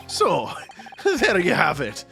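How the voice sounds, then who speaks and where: A man's voice: sits high, huge pitch swings, slow pace, gravelly, sharp tone, faint music behind, heavily acted. A man doing a sheepish Scottish surgeon. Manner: hesitant, sheepish, stammering. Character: bumbling male surgeon juror, anxious, sheepish.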